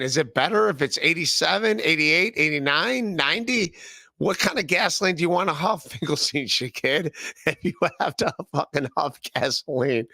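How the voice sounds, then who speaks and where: Podcast host, man, 30s, from Northeast Ohio; loose, profane rambler who laughs a lot, gravelly and punchy, dry close mic. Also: on the high side, sharp tone, dry recording. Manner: rambling, profane, laughing often, repeating himself. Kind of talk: casual livestream chat reading chat comments.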